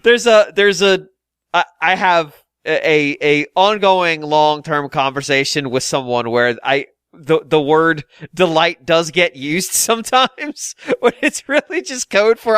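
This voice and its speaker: A man hosting a podcast, chatting casually with quick jokes and asides. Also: on the high side, clean tone, no echo, studio quality. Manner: animated, jokey, quick asides and impressions. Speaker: podcast host. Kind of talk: casual comedic podcast chat.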